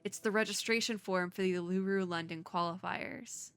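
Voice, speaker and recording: A woman's voice: on the low side, fairly even intonation, normal speed, fairly bright tone, clear, resonant tone. A woman hosting a let's play, reading game text aloud and reacting with emotional, tearful, laughing, rambling commentary. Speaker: VTuber let's play host.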